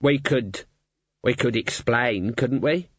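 A man's voice: medium pitch, slow, a bit bright, no echo, muffled recording. A man doing a moaning, nervous bandmate. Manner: moaning and hesitant. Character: anxious, whiny male band member.

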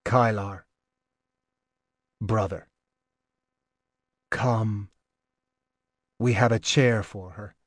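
Man doing a soft, low tearful friend. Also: steady tone, extremely slow, pauses often, no room sound. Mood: tender.

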